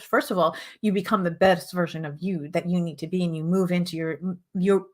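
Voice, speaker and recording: A middle-aged woman hosting a show and teaching about relationships in an earnest, repetitive way, her voice a little hoarse as she is losing it. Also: lowish voice. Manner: earnest, repetitive, with frequent "right?" asides. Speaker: host and relationship coach. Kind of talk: motivational teaching monologue.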